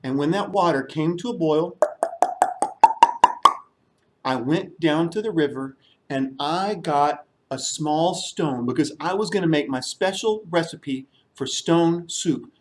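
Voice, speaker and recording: Against a noisy background, a man with a voice on the high side speaks slowly as he tells a children's story at a church service. He keeps it playful, inviting the group to join in with call-and-response.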